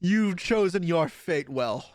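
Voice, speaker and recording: A man putting on a slow, dramatic vampire count voice, menacing and grandiose. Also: sits high, expressive, no echo, studio quality.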